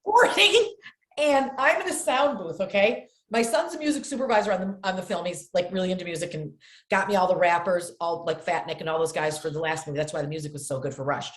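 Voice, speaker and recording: A middle-aged woman from upstate New York, an actress telling stories as a podcast guest in a lively way, often acting out the voices of the people she quotes. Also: on the low side, quick pace. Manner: lively, acts out quoted voices, repeats words for emphasis. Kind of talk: animated storytelling in conversation. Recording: roomy echo.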